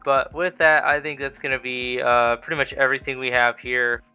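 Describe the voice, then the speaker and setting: Man, podcast host, bright voice, crisp, faint music behind. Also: medium pitch, flat delivery, normal speed, dull audio. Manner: joking, loose and profane. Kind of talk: casual chat.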